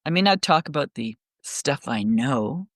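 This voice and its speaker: A middle-aged woman on a remote call, telling stories in a rambling, animated way, full of restarts. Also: rumbling low, unhurried, dry recording, studio quality. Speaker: guest speaker. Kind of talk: casual podcast conversation.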